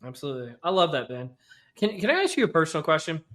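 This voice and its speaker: A man's voice: a little high, sing-song, fast talker, crowd noise. A man from rural North Louisiana hosting a podcast, chatting casually and laughing easily, with lots of "like.". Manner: friendly, laughs easily, hedges with "like". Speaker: podcast host. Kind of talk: casual interview chat.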